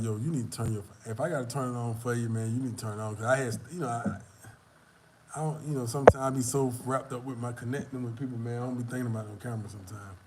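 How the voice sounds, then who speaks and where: A man's voice: mid-range voice, noisy background. A young man chatting on a live stream, telling a rambling, profane story in a loose, casual way. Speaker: vlogger answering live chat.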